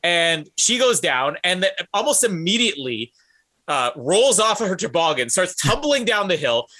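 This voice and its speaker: A man co-hosting a casual podcast, telling a story with lots of laughter. His voice sits fairly high and bright, and his pitch rises and falls a lot as he gets carried away in the telling. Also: sing-song, moderate pace. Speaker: podcast co-host.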